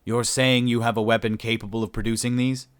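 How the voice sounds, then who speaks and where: A man voicing a hot-tempered alien male starship commander who snarls orders and shouts in rage. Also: mid-range voice, flat delivery, fairly quick, smooth, no echo, natural voice. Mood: cold.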